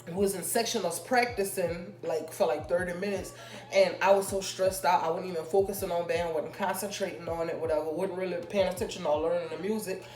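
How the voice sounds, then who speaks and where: Chatty young woman with a low voice. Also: darkish tone. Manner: chatty, rambling, drawn-out fillers. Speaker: vlogger. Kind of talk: casual storytime chat. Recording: echoey room with faint music.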